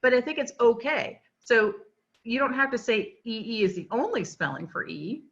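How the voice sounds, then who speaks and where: A woman's voice: fairly high pitch, lively intonation, normal speed, fairly bright tone. A woman teaching literacy in a webinar lecture, chatty and explanatory, with frequent fillers. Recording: dull lo-fi webinar audio.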